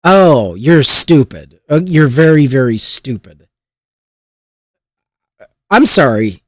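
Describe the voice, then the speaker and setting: A man's voice: a little high, big pitch swings, slow, pauses often, dry recording, clean studio sound. A man hosting a podcast, ranting in exasperated, profanity-laced commentary on the news. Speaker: podcast host.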